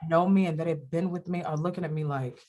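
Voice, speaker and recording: Her voice is deep and her pace quick as this middle-aged woman, a radio host and comedian, talks candidly about faith in an interview. She's an animated storyteller, acting out each quoted voice.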